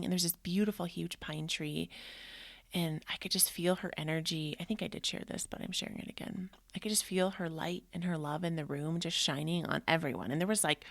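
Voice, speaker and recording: Woman in her 30s rambling on her podcast, low gravelly voice, lots of "like", super dry close sound. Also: no echo. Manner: heartfelt, rambling, many "like" fillers. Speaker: podcast host. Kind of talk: casual personal podcast monologue.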